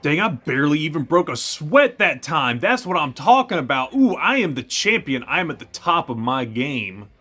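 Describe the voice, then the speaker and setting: A man's voice: a little high, very animated, moderate pace, hardly any pauses, sharp tone. A young man hosting a let's play, joking and trash-talking over the gameplay. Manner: jokey, trash-talking, puts on silly voices.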